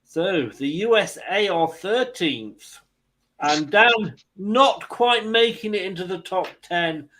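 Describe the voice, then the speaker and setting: Chatty, high-voiced English man. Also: lively intonation, slow, a bit bright, poor audio. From England. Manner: chatty, laughs often, many restarts. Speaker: host. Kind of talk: casual football chat.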